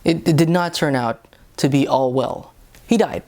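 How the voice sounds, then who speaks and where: An earnest man talks through the day's scripture readings in a relaxed, personal way. He speaks casually and restarts phrases often as he gathers his thoughts. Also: fairly high pitch, normal speed. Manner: earnest, conversational, with many restarts. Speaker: lay reflection host. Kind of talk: personal Bible reflection.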